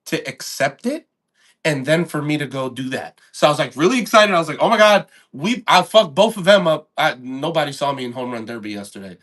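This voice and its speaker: A man's voice: a little high, fairly bright tone. A man co-hosting a casual podcast who tells a story and acts out both sides of the talk. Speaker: podcast co-host.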